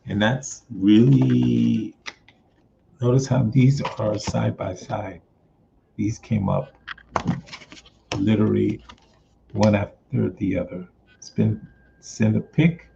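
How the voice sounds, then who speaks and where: Slow gravelly man with a dark voice. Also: fairly low pitch. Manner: slow, drawn-out delivery with frequent pauses. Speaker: psychic medium doing card readings. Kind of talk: casual live-stream card reading. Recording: dull lo-fi sound with faint noise.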